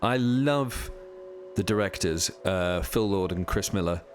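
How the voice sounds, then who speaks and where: A man's voice: low voice, a little slow, a little hiss or hum. A man live streaming a video game, chatting casually and rambling as he answers viewers' questions while he plays. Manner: chatty, reads and answers chat while playing; rambling, many fillers.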